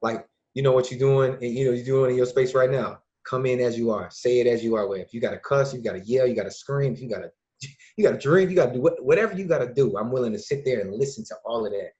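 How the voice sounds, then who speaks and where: Animated man telling stories, lo-fi sound. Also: mid-range voice, fast. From Lake County, Illinois, USA. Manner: lively storyteller who acts out quoted dialogue. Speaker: podcast guest, youth mentor. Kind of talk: casual podcast chat. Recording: dull lo-fi recording.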